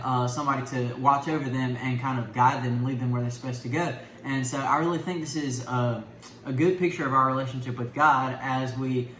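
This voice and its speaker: Teen boy, bright forceful voice, hesitant with fillers, in an echoey room with faint ambience. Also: medium pitch, slight background noise. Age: teenager. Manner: hesitant, many ums and likes. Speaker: son sharing his takeaway. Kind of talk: casual family discussion.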